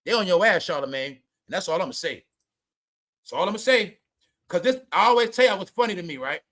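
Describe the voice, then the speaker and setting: A man riffs through comedic celebrity gossip in a loud, laughing, swearing way. His voice sits high and sounds bright and forceful. He keeps calling out names over and over. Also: lively intonation, brisk. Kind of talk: casual comedic commentary.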